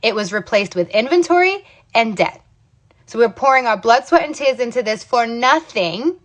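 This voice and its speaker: A woman's voice: fairly high pitch, animated, normal speed. A woman in her thirties from the United States, telling her own business story to camera in an emphatic, motivational way, often checking in with "okay?". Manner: emphatic, repeats "okay?" and "you guys". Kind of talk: casual motivational talk to camera.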